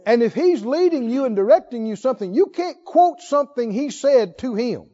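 Preacher, male, high voice, storytelling sermon delivery with hushed and emphatic turns, dull lo-fi recording. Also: animated, moderate pace, big-room sound. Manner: storytelling, swings between soft low asides and loud emphatic lines.

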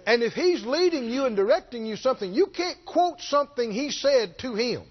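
A man's voice: extremely high pitch, expressive, normal speed. A middle-aged man preaching a sermon, telling a story and rising to stress his key points. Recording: dull lo-fi sermon recording.

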